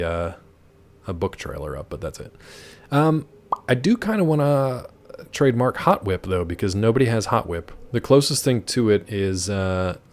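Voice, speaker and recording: A man streaming a video game live, chatting casually and answering his chat with wry asides. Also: fairly low pitch.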